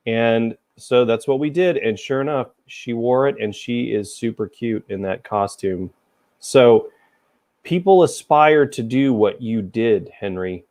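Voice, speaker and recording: A man's voice: mid-range voice, a little slow, darkish tone. A middle-aged man from Tennessee hosting a casual livestream chat over a video call, chatty and easygoing, laughing often. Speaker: host.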